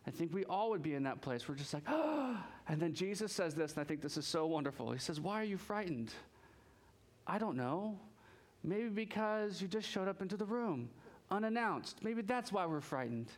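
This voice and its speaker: High-voiced, chatty male pastor. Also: normal speed. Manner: chatty and animated, jokes with the congregation. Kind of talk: casual conversational sermon.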